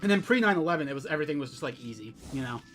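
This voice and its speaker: Male co-op streamer; casual, rambling, teasing, higher-pitched than most men. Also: expressive, racing, a bit bright, faint music behind. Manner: rambling, many "like" fillers, teasing. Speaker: game streamer. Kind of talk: casual co-op let's-play chat.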